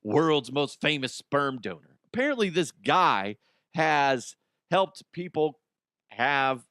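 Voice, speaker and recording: Guy hosting a comedy podcast, a bit high voice, swears a ton, laughs at his own bits, dry studio sound. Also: slow pace, dry recording. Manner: animated, swears a lot, laughs at own jokes. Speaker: podcast host. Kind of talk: casual comedic monologue.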